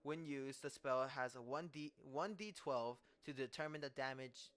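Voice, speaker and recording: A man's voice: medium pitch, normal speed, a bit bright, a little hiss or hum. A young man running a tabletop game as game master, casual and swearing, stumbling over words. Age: young adult.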